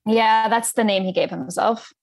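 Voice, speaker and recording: A woman's voice: fairly high pitch, steady tone, normal speed. Woman explaining film trivia. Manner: helpful, explanatory, casual. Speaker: guest film expert. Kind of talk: casual chat, answering questions.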